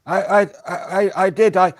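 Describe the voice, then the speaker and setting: A man's voice: high voice, brisk, dry recording, natural voice. A man playing a flustered, overly earnest party guest in an improvised comedy scene, stammering in a prim, formal way.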